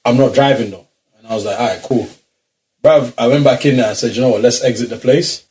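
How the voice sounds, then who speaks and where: A man, a podcast co-host telling an animated, slang-heavy story and laughing through it. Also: medium pitch, fast. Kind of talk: casual storytelling chat.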